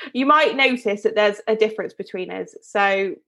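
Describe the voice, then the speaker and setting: A woman with a mid-range, slightly bright voice and vocal fry talks at normal speed. As a podcast co-host, she rambles through a casual story, interrupts herself, and laughs often.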